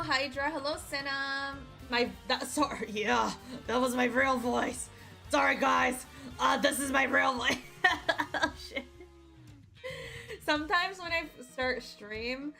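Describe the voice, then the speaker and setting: Chatting casually with her viewers, a woman streamer speaks in a high, bright voice with vocal fry. She's playful and teasing, frequently breaking into giggles.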